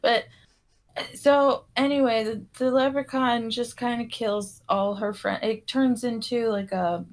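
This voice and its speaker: Slow-talking, high-voiced woman podcaster. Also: steady tone. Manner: rambling retelling of a film, with acted-out quotes. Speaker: podcast co-host. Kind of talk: casual chat.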